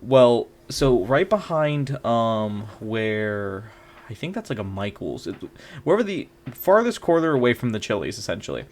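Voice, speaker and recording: A man on a podcast telling a story in a lively, profane, laughing way. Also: mid-range voice, moderate pace. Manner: animated, profane, laughs often. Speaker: podcast co-host. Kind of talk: casual storytelling.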